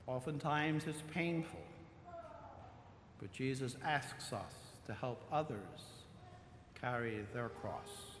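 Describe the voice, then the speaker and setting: A male pastor preaching a sermon in a large church, slow and emphatic, stretching out key words. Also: medium pitch, lively intonation. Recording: long church reverb, faint room noise.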